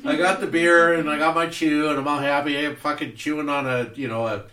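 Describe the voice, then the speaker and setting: A man hosting a podcast, telling a profane story in a casual, animated way and acting out voices. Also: a little high, a little fast, echoey room, distant mic. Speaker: podcast host. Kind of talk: casual storytelling over drinks. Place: podcast studio.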